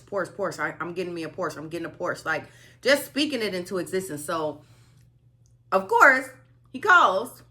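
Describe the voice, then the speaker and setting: A young woman vlogger telling a personal story in a chatty, animated way. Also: on the low side. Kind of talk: storytime vlog.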